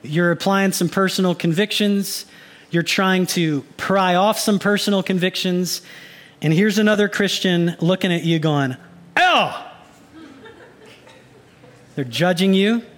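A man preaching a sermon as a pastor, animated and given to acting out little mock inner voices. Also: sits high, normal speed.

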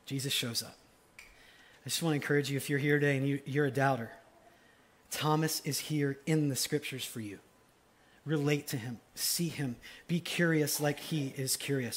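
Young male pastor, high-pitched, conversational sermon with hushed intense quotes. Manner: conversational preaching, drops to quiet intensity when quoting Jesus.

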